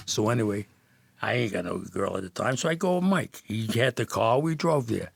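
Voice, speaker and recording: An older man from Jersey City, appearing as a podcast guest, tells rambling stories about the old neighborhood, often restarting and laughing. His fairly low voice is gravelly with a breathy edge and a moderate pace, recorded with no echo.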